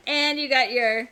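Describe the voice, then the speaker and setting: A woman's voice: high voice, pushed and bright, smooth. A woman hosting a board game channel, chatting casually and rambling a little as she shows new games and answers viewers' chat.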